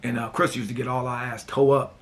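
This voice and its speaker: A man with a gravelly, rough-edged voice hosts a casual talk show. He tells family stories in a laid-back, rambling way and keeps dropping "man" and "you know." His voice sits at a middle pitch. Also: little pitch movement, fairly quick. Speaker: host. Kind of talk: casual personal storytelling.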